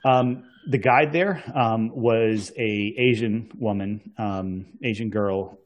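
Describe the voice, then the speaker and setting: A young man telling a story in casual podcast chat, halting with many ums and restarts. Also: lowish voice, highs cut off.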